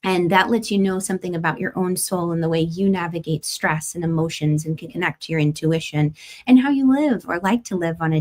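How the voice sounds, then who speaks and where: A woman hosting an astrology forecast, talking in a chatty, gentle way with lots of "like" fillers and the odd light laugh. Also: on the low side. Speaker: astrologer host. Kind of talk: casual spiritual forecast talk.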